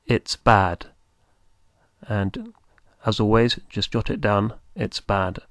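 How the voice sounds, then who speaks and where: Male tutor, unhurried drills and spelling, dry studio sound. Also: fairly low pitch, big pitch swings, fairly bright tone, no echo. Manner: patient, repeats and spells words out. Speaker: language teacher. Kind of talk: beginner language lesson.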